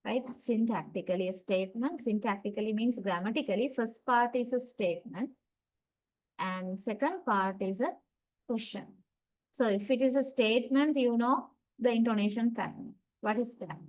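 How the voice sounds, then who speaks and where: A woman with a fairly high voice teaches a university lecture. She explains each point step by step and often checks in with the class. She also says example sentences aloud to show how they sound. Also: moderate pace, darkish tone, poor audio. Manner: demonstrates intonation with spoken examples.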